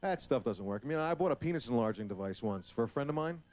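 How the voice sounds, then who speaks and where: A man's voice: mid-range voice, animated, fast, darkish tone. A male stand-up comedian on stage before a live audience, talking brashly and profanely and acting out voices. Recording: hissy old VHS tape recording.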